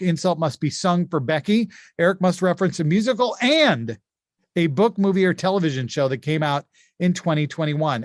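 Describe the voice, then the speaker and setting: A man with a notably high voice hosts a comedy insult game from home over a video call. He is chatty and full of quick asides. The sound is dry, with no room echo. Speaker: game show host. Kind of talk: casual improv game hosting.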